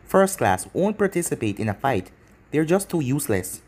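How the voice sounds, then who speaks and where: A man's voice: a little high, big pitch swings, moderate pace, a little mellow, slightly rough. A man voicing a mysterious young female demon hunter who explains things in a matter-of-fact, instructive way. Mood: stern.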